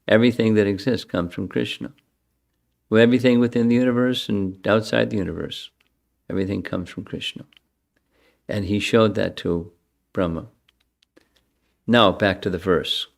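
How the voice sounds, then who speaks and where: A man's voice: fairly low pitch, gravelly. An older man giving a scripture lecture, chanting verses and then explaining them in a conversational way. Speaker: spiritual teacher giving a scripture class.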